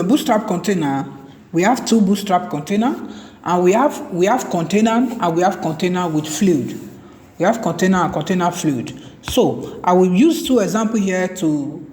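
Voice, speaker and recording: A man teaching a coding tutorial, talking slowly and often repeating and restarting words as he types. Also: sits high, a little mellow. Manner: slow, repeats and restarts words while typing. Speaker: web development tutor. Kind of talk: screen-recorded coding tutorial. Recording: reverberant room with faint ambient noise.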